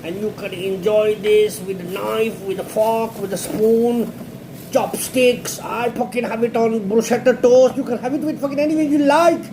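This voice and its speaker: A man's voice: very high voice, steady tone, moderate pace, noisy background. A man giving a casual cooking demonstration in a blunt, crude and joking way. He swears constantly and repeats words for emphasis. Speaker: home cook showing a recipe.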